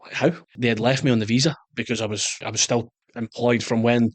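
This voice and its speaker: In a relaxed interview, a thirtysomething soccer coach from Scotland talks fast and tells lively stories, dropping into other people's voices as he quotes them. His pitch is medium, and the recording has no room sound.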